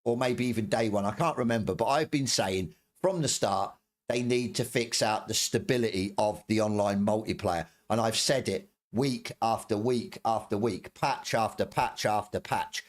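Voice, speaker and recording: A man's voice: lowish voice, moderate pace. A middle-aged man streaming a heated, swearing rant, stumbling over his words and repeating himself. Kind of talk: angry ranting commentary.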